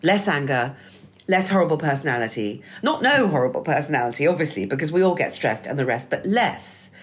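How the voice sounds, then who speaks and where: Middle-aged woman podcast co-host, wry and emphatic, lower voice with very lively pitch. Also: fairly quick. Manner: wry, emphatic, swearing freely. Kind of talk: scripted-sounding conversational essay.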